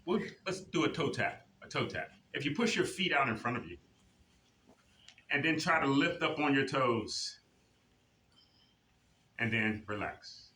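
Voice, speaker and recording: A man leading a seniors' exercise class, motivating and coaching, who counts out reps in a loud drill-sergeant cadence. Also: mid-range voice, sing-song, measured pace, pauses often, slight background noise. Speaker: fitness instructor. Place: senior center activity room. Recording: echoey room.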